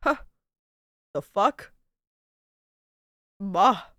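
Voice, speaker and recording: A woman's voice: mid-range voice, lively intonation, extremely slow, fairly bright tone, dry recording, studio quality. A young woman streamer in casual chat, goofy and swearing freely as she tries out silly voices and animal sounds. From Canada.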